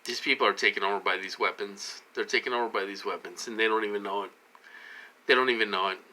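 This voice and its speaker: Rambling, slightly tipsy man with a bright voice. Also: lowish voice, steady tone, fast talker, a little hiss or hum. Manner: rambling, repetitive, many restarts, swings between loud and muttering. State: a little tipsy from a drink. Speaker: vlogger. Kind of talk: rambling monologue to camera.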